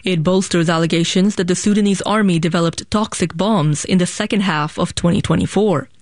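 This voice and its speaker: A man delivering a scripted news report in a crisp, even manner. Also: high-pitched, brisk, no echo, clean studio sound.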